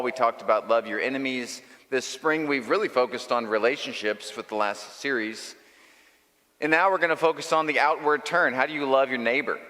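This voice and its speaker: Bright, forceful male pastor in a reverberant hall. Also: mid-range voice. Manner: storytelling, emphatic with short punchy phrases. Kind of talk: sermon.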